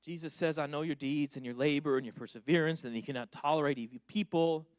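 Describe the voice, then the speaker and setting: A male pastor preaching a sermon, moving between loud, urgent calls and quiet, low-voiced pleading, with casual asides to the congregation. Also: fast, no room sound, studio quality.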